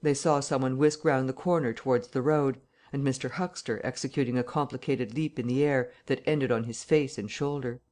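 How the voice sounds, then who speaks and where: A male narrator reading a classic novel in a measured, steady audiobook style. His pitch sits in an ordinary middle register for a man.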